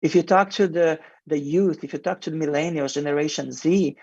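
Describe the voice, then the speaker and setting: A man's voice: a little high, brisk, gravelly, darkish tone, slightly rough, dry recording, highs cut off. Man with a heavy non-native accent. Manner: earnest, explanatory, with frequent "uh" fillers. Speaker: marketing executive guest. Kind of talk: radio interview answers.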